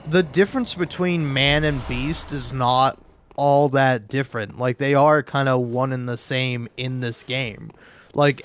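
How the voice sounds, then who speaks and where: A man's voice: medium pitch, slight background noise. Rambling young man musing mid-game. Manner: halting, full of filler words and restarts. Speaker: gaming video creator. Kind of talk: rambling musing commentary while playing.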